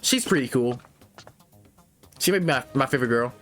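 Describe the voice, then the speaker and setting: A man's voice: mid-range voice, lively intonation, fairly quick, long pauses, fairly bright tone, faint music behind. A man streaming a game reaction, musing aloud in casual rambling commentary.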